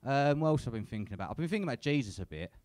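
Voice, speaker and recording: This young man's crude comedy club set is packed with swearing and tag questions like "innit." His medium-pitched voice is sing-song and a little mellow, and he races through his lines.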